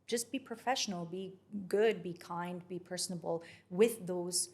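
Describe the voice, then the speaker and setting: Animated candid woman in her forties. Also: on the low side, moderate pace. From Saudi Arabia. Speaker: voiceover artist guest. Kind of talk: casual interview chat.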